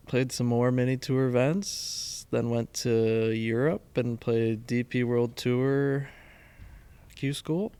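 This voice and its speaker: A man's voice: mid-range voice, a little mellow, clear, resonant tone. A young man, a pro golfer, answering interview questions in a laid-back, self-deprecating way. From Canada. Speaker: professional golfer guest. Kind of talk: casual interview chat.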